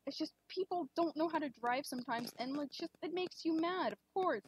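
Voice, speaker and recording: A young woman streaming a game, chatting casually and rambling with lots of fillers, gushing excitedly at times. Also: high voice, a little fast, slight background noise. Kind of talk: casual live-stream chat. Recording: dull lo-fi stream mic.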